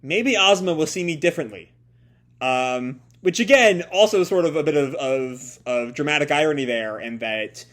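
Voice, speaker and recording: A man's voice: mid-range voice, fairly bright tone. A man hosting a casual live comic reaction, thinking aloud and often rephrasing and doubling back mid-sentence. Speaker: host.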